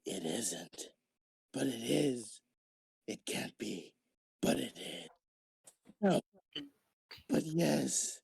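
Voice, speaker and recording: A man voicing a dragonborn warrior, speaking in a gruff, husky voice. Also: medium pitch, very animated, drawn-out words, long pauses, a little mellow, no echo, full character voice. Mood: awestruck.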